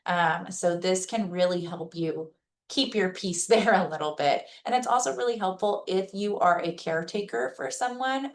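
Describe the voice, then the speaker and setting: A woman's voice: on the low side, slight background noise. A woman giving an informal educational presentation in a conversational way. She gives practical advice in plain, reassuring words and keeps checking in with her listeners. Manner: conversational, checks in with listeners by asking "okay?" and "right?". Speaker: presenter at a senior-services webinar.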